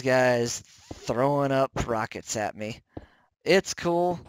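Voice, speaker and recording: A man hosting a game let's play, commenting on his own play with jumpy, excitable reactions, yelps and self-mockery, close to the microphone. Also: mid-range voice, slow, clear, resonant tone, no echo. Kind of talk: gameplay commentary.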